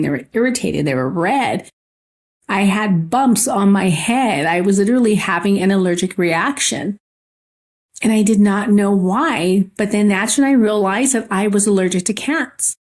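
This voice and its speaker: A woman hosts a spiritual talk show and works through a personal story. She speaks earnestly, leaning on key phrases with gentle emphasis, in a steady, mid-pitched voice. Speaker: podcast host.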